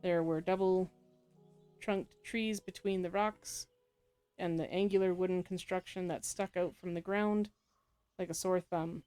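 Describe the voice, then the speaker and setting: Low-voiced woman reading game text aloud. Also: fairly even intonation, measured pace, mellow, clean tone, faint music behind. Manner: frequent laughs and self-corrections while reading. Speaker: game player.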